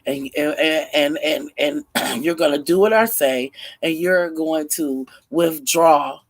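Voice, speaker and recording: A man doing a gravelly kidnapper boss. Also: mid-range voice, drawn-out words. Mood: irate. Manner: commanding, forceful. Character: ruthless male kidnapper boss giving orders.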